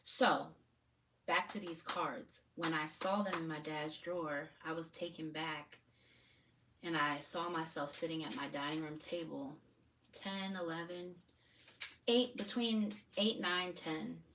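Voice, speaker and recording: Woman tarot reader, rambling and spiritual, low-ish voice, recorded from a distance at home. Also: unhurried. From United States, Maryland area. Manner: rambling, spiritual, addresses viewers directly. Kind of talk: live tarot reading chat. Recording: distant mic with faint noise.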